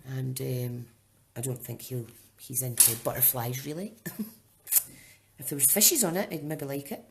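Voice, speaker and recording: A woman's voice: rumbling low, unhurried, vocal fry, background noise. A woman chatting casually and thinking aloud while demonstrating a card-making project. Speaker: craft demonstrator. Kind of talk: casual live-streamed craft demo.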